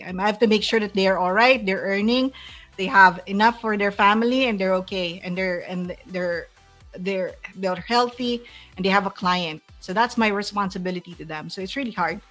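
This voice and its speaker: A woman's voice: medium pitch, a bit bright. Earnest Filipino woman, emotional guest. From Philippines. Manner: earnest and emotional, with frequent restarts. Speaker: guest, agency owner. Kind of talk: heartfelt interview talk.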